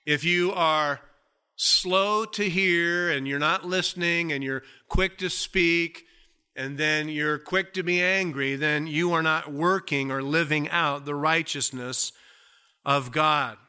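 Slow, bright-voiced preaching man. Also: fairly high pitch, clear, resonant tone. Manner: slow, deliberate preaching with drawn-out emphasis. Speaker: pastor. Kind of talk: sermon.

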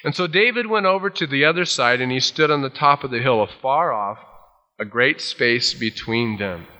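A man preaching, reading scripture aloud and then retelling it with lively acted-out voices. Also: medium pitch, moderate pace, long reverb tail. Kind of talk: expository Bible teaching.

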